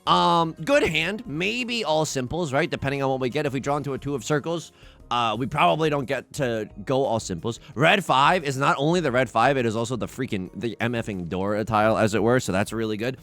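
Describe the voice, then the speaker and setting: A young man commenting on his own online game as he plays, self-mocking and excitable, swinging from mumbled asides to loud outbursts. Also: mid-range voice, fairly quick, soft background music. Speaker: gaming YouTuber. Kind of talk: live commentary while playing.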